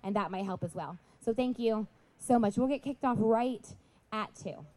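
A woman's voice: fairly high pitch, normal speed. A woman speaking live at a Christian festival, raising her voice to reach the back of the audience, with chatty, apologetic asides. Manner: projecting loudly to reach the back. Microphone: PA microphone.

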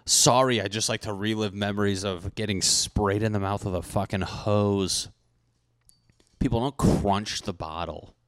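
A man hosting a podcast, ranting in a casual, profane and animated comic way into a handheld microphone. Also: lowish voice, unhurried, no room sound. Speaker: podcast host. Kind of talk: casual comedic rant.

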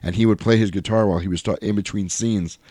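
A man's voice: on the low side, fast talker, no room sound, clean studio sound. A man in casual podcast chat, retelling a film scene by scene and acting out quoted lines. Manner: animated storyteller, acts out quoted lines. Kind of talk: casual movie recap chat.

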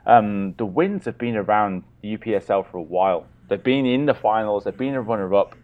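A man's voice: on the low side, brisk. Easygoing man, dull lo-fi sound. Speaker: podcast co-host. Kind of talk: casual podcast chat.

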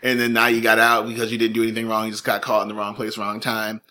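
A man co-hosting a podcast in casual chat, animated and joking with playful asides. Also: on the low side, fast. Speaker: podcast co-host.

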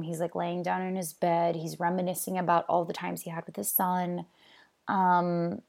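A woman with a lowish voice talks through a film's story in a loose, casual recap. She leans on "um" and "like" constantly as she chats along. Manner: chatty, filler-heavy, with frequent "um" and "like". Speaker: film recapper. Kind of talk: casual movie plot recap.

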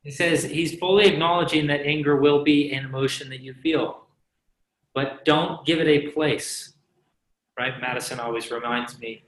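A man's voice: on the high side, fairly even intonation, moderate pace. A man preaching a sermon in a conversational way, often asking the congregation "right?" and joking between points. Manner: conversational, asks the crowd "right?" often, jokes and laughs. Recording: roomy echo.

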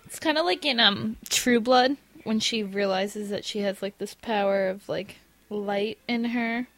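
A woman's voice: mid-range voice, unhurried, a bit bright, dry recording. A woman chatting in a casual movie commentary, giggly and full of fillers.

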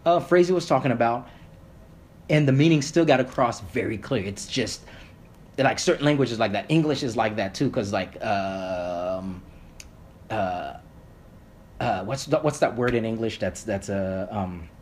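A man's voice: on the low side, a little slow, slight background noise. A man who grew up speaking Creole, a podcast guest in casual conversation who rambles, swears and restarts a lot. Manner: rambling, animated, swears, many fillers and restarts.

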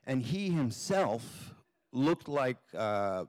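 A man's voice: mid-range voice, very animated, drawn-out words, no echo. A man telling a comic story live on a theater stage, in a wry, offhand way with plenty of swearing.

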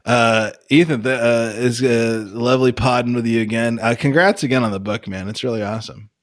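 A man's voice: medium pitch, steady tone, brisk. A young man hosting a casual podcast chat, joking and cursing freely. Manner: joking, swearing, drifting into silly put-on voices. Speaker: podcast host.

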